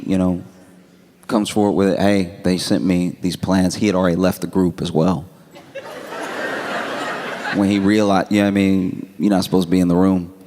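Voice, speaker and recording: A man doing stand-up comedy, telling a story in a conversational, animated way with laughing asides. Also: lowish voice.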